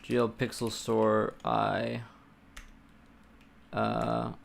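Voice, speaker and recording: A man's voice: fairly low pitch, completely flat delivery, extremely slow, gravelly, slight background noise. A man live-streaming his game engine coding, thinking aloud, muttering to himself and swearing casually.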